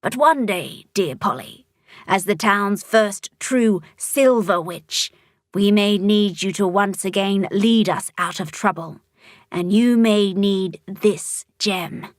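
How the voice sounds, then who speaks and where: A woman voicing a kindly female monster mayor with a low, growly voice, speaking slowly and solemnly in a storybook reading. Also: dry recording, clean studio sound, lightly acted. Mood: gentle, solemn.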